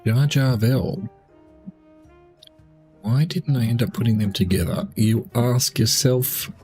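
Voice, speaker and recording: A man's voice: mid-range voice, slow pace, faint music behind. A man casually commenting on a game he is playing, muttering to himself and talking while eating. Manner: relaxed, talks with his mouth full while eating. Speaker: gaming streamer.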